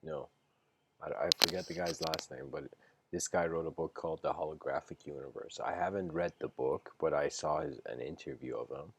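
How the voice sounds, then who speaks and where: A man's voice: a bass voice, steady tone, moderate pace, a bit bright, a little hiss or hum. A man giving a casual livestreamed lecture, meandering and hesitant with slangy phrasing.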